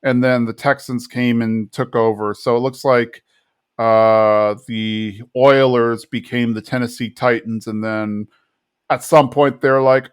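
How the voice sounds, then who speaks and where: A podcast co-host casually recaps an episode, retelling scenes and now and then briefly mimicking the characters. His mid-range voice is clean in tone, fairly even in intonation and a little slow.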